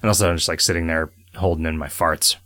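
A man's voice: deep voice, fairly even intonation, quick pace, pushed and bright, no room sound. A man co-hosting a podcast in casual, joking chat, rambling through comic riffs. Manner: rambling, joking, laughs at his own jokes. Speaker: podcast co-host.

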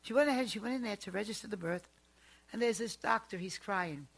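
A woman who works as a psychic, telling family stories in a chatty, animated and emphatic way. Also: mid-range voice, a little fast, vocal fry, breathy edge. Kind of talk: storytelling monologue.

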